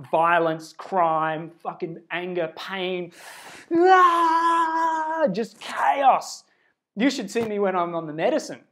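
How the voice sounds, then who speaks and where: Earnest rambling man on a livestream. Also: fairly high pitch. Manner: earnest, rambling, swings from hushed to loud and excited; blunt and swears casually. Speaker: spiritual self-help speaker. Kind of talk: livestreamed motivational talk. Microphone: phone camera.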